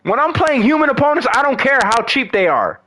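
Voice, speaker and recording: A man with a strikingly high, bright voice rants casually about games, swearing freely and trailing off into slangy asides. His delivery is exasperated and conversational. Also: sing-song, fairly quick. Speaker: gaming vlogger. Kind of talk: ranting casual monologue.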